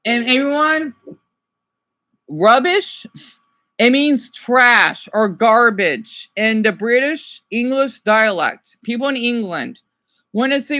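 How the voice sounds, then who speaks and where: A woman's voice: on the high side, lively intonation, sharp tone. Tired American woman chatting to her stream. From United States. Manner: chatty, explains things slowly to viewers, trails off. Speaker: livestream host. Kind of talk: casual chat with viewers while watching a video.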